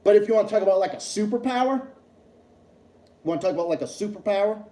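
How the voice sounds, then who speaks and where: Male streamer, high voice with a dark, mellow tone, swears and repeats himself as he rants in an echoey room. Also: lively intonation, fast. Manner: profane, repetitive, heated ranting. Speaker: livestream host. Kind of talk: heated political rant on a livestream.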